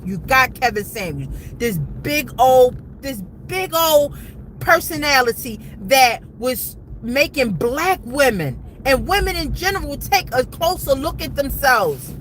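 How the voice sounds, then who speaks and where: A woman's voice: high-pitched, lively intonation, measured pace, a bit bright, slight background noise, low-quality recording. A woman vlogger speaking urgently to her viewers, repeating herself and calling them guys. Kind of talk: emotional commentary to camera.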